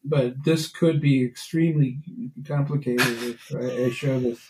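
A man's voice: medium pitch, steady tone, a little slow, noisy background. A man who makes online comics, reflecting casually on comic strips. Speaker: podcast co-host, online comic artist. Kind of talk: casual chat about comics.

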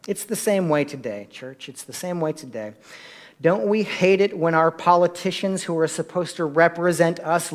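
A man with a high voice preaches to his church. His delivery swings between hushed, conversational asides and loud, emphatic climaxes, often tossing questions out to the listeners. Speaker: pastor. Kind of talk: sermon.

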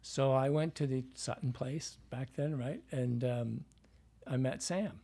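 A man's voice: medium pitch, a little slow, creaky, warm tone, husky. A man from Iowa with a Midwestern American accent, a dialect coach telling anecdotes in an interview and acting out the voices he quotes. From Iowa, USA. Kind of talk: storytelling interview.

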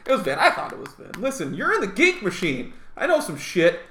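A man co-hosts a casual chat, swearing freely and cracking jokes. His voice is bright and a little high. The room is echoey, with a faint hiss behind him. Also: huge pitch swings, brisk. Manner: profane, jokey, slips into loud mock shouting. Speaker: podcast co-host.

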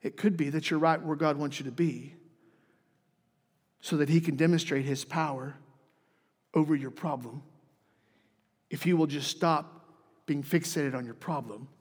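High-voiced preacher in a reverberant hall. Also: male voice, a little slow, pauses often, slightly rough. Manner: swings between soft hushed passages and lively, raised mock dialogue. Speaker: pastor. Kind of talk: sermon. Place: church sanctuary. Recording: long reverb of a church hall.

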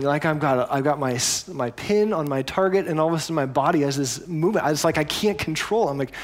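Storytelling male pastor with a high voice. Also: fast, hardly any pauses. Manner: conversational storytelling with asides. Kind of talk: sermon.

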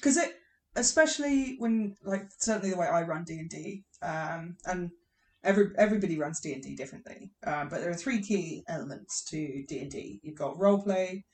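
A woman's voice: fairly low pitch, expressive, fairly quick, a little mellow, distant mic. A young English woman co-hosting a podcast in casual chat, self-mocking and laughing often. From England. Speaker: podcast co-host.

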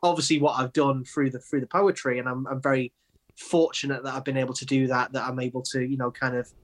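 A man in his forties with an English accent, a poet answering interview questions in a halting, earnest way with many restarts. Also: mid-range voice, flat delivery. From England. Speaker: guest, poet. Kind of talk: conversational interview.

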